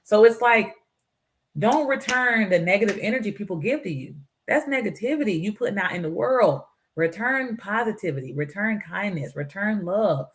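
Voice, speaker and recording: A woman's voice: medium pitch, expressive, normal speed, a little hiss or hum. A woman hosting her own show, giving earnest, preachy life advice and acting out the voices of people she quotes. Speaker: show host. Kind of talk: motivational talk.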